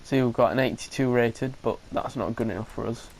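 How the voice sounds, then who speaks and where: A man's voice: medium pitch, brisk, gravelly, a little mellow, husky, low-quality recording. Hesitant man commentating a game. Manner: hesitant, thinking aloud with frequent restarts. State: coughing now and then. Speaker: gaming commentator. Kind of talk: casual gameplay commentary.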